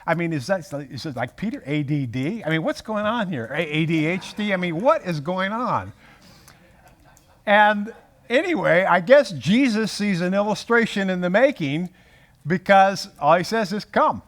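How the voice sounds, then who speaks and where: Animated man teaching a Bible study. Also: high-pitched, normal speed. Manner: animated, self-interrupting, acts out quotes. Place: room with a group.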